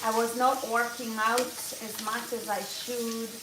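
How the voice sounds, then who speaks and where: A woman's voice: on the high side, level tone, slow, roomy sound, background noise. A woman vlogger in a casual, playful chat, repeating her phrases as she talks at home in the kitchen.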